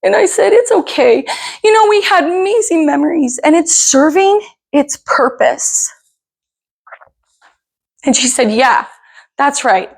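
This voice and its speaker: A middle-aged woman earnestly telling a family story as a mother, animated and encouraging, acting out the dialogue. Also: high-pitched, a little slow, gravelly, long pauses. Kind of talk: casual spoken storytelling.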